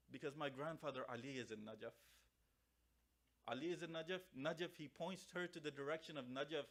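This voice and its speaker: Man preaching at a memorial gathering, slightly high-pitched, telling a tragic story. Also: fairly bright tone. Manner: emotional storytelling, rising to lament. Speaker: cleric giving a memorial sermon. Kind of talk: sermon. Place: mosque.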